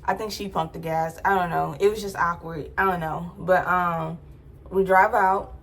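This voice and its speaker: A woman's voice: on the low side, steady tone, normal speed, fairly bright tone. A young adult woman vlogger telling a personal story in a casual, chatty way, full of "like" fillers.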